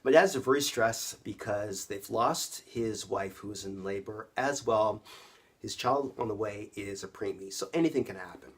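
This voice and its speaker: A man's voice: on the low side, unhurried, husky. A man of about fifty from Canada telling a personal story to camera in a conversational way, speaking straight to his viewers. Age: around 50. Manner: conversational, addresses viewers directly. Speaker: vlogger.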